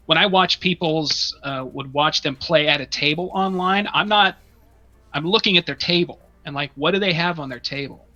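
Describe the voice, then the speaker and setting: A man's voice: fairly high pitch, pushed and bright, no room sound. A man guesting on a casual interview, talking in long run-on rambles full of fillers. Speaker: guest, one-man accessory maker. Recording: dull lo-fi dry sound.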